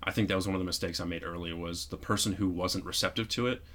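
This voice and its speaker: A man co-hosting a podcast, speaking in an earnest, reflective way during casual chat. His voice sits on the low side but has a bright, forward tone. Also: fairly even intonation. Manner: earnest, reflective, quick asides. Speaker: podcast co-host.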